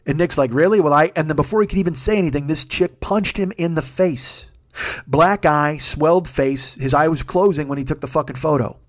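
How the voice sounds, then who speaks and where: A man in his forties rants like a stand-up comic, his voice sitting a bit high for a man. He tears through his points at a rapid clip, swearing freely and punching certain lines harder than others. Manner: profane, fast ranting with bursts of raised intensity. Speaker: comedian podcast host. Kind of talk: solo comedic rant.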